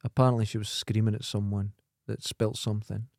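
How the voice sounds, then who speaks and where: A man's voice: on the low side, flat delivery, brisk, gravelly, a little mellow, no room sound, clean studio sound. A Scottish man co-hosting a podcast, chatting casually and crudely about a film and telling jokes. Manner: crude, joking, tells jokes with put-on voices. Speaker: podcast co-host. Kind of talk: casual film review chat.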